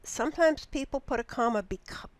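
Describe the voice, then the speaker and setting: A woman's voice: high-pitched, animated, no echo. Dry, patient woman teaching grammar. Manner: patient, explanatory, slow and deliberate. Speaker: writing instructor. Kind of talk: recorded lecture on grammar.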